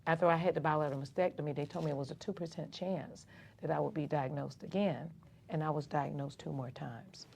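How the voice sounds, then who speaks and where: Her voice sits low and slightly rough, with vocal fry, and she talks briskly. She's a community activist from Atlanta, Georgia, sharing her personal story in a casual interview and vividly acting out what others said.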